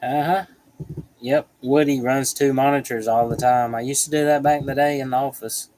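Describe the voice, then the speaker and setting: A man's voice: medium pitch, fairly even intonation, moderate pace, darkish tone, no echo, poor audio. Dude chatting on his livestream, jokey, reads out comments, regular mid voice. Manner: chatty, joking, laughs often. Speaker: livestream host. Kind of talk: casual live chat reading comments.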